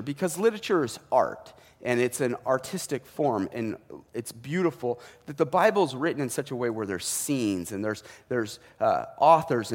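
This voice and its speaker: Man preaching in a reverberant hall. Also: medium pitch. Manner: conversational preaching with asides and self-corrections. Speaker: pastor. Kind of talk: sermon.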